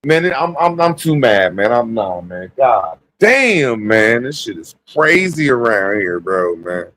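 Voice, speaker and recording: A man's voice: mid-range voice, big pitch swings, slow pace, fairly bright tone, poor audio. A man hosting a live stream panel, ranting in an exasperated, profane way and calling listeners "bro" and "man.". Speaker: stream host. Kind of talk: heated livestream debate.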